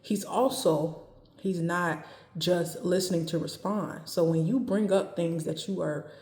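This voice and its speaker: A woman giving dating advice in a casual talk to camera, speaking calmly and evenly and driving her points home by repeating them. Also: on the low side, unhurried, reverberant. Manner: calm, even, straight-talking with emphatic repetition.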